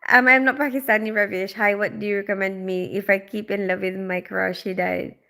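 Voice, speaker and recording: A woman's voice: medium pitch, steady tone, fairly quick, gravelly, sharp tone. A woman, hosting a casual livestream and reading viewers' comments aloud, chatty and rambling with frequent laughs. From Philippines. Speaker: livestream host.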